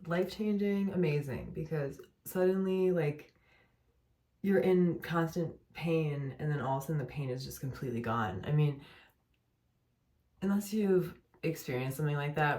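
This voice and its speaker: A woman's voice: deep voice, darkish tone. A young woman venting late at night at home, in pain and worn down, rambling with lots of fillers and self-corrections. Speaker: vlogger. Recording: roomy echo.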